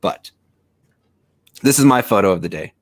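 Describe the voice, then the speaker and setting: A man's voice: lowish voice, moderate pace. Rambling man on a video call. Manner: relaxed, rambling, many fillers and restarts. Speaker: camera shop co-host. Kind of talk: casual shop talk on a video call.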